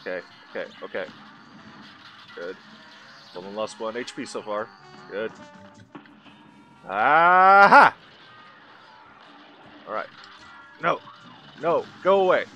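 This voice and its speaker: A man commentating his own video game play, muttering and swearing, then yelling in frustration. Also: on the low side, expressive, a little slow, pauses often, lo-fi sound, over music. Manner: swearing, exasperated, mutters under breath then yells in frustration. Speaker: gaming channel host.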